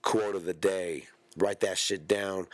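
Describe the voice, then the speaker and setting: A man rants alone into a close podcast mic, his voice sitting fairly low. He rambles from one thought to the next in profane, slangy street talk. The recording is dry and close, with no room sound. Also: steady tone, slow, no room sound. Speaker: podcast host. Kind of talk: solo podcast rant.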